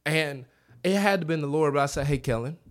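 A man in his thirties preaching a revival sermon in a church, conversational, with asides to the congregation and a voice that jumps up when he acts out what people say. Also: a little fast. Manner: animated, voice rising high when acting out quotes. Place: church sanctuary.

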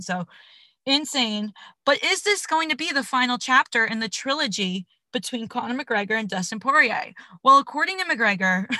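Bright-voiced chatty woman podcast host. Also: medium pitch, dry recording. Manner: chatty, dramatic reactions, slangy. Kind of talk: casual chat.

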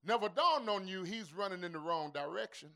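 Male pastor, very high and lively voice, fervent call-and-response sermon. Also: brisk, vocal fry. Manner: preaching with call-and-response, swinging from hushed asides to shouted climaxes.

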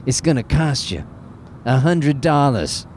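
A man putting on a gruff, bossy middle-aged mobster boss who hands out orders with a drawl. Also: mid-range voice, very animated, unhurried, a little mellow, a little hiss or hum. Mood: menacing.

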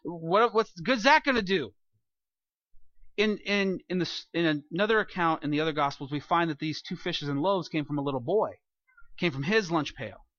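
A male pastor delivers a sermon in a high, bright voice. He is animated, firing off rhetorical questions and briefly acting out the people he quotes. The sound is dull and dry. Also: brisk, no echo.

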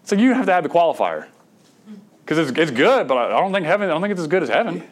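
Pastor preaching, high and conversational. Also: male voice, sing-song, quick pace. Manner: conversational, with stammered restarts and bursts of emphasis. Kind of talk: sermon.

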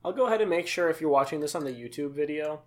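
A man's voice: a little high, rapid-fire. A young man co-hosting a casual podcast, rambling with lots of fillers and asides. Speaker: podcast co-host. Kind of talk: casual chat.

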